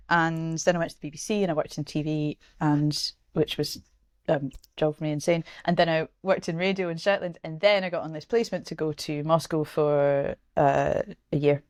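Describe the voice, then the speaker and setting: A low-pitched woman in her thirties from Scotland, chatting frankly as an interview guest. She talks in an animated, blunt way with the odd swear word and plenty of restarts. The recording is close and dry, with no room sound. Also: dry recording. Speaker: journalist and author guest. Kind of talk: casual interview chat.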